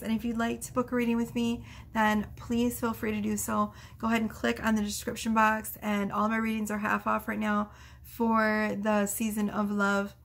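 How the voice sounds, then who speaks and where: A woman tarot reader talking gently and affectionately to her viewers, reading oracle card messages aloud slowly. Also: on the high side, vocal fry.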